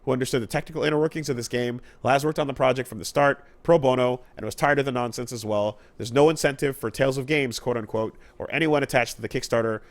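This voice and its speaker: A man's voice: mid-range voice, fast, hardly any pauses. A man co-hosting a podcast, talking casually and rambling with lots of fillers and restarts. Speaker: podcast co-host.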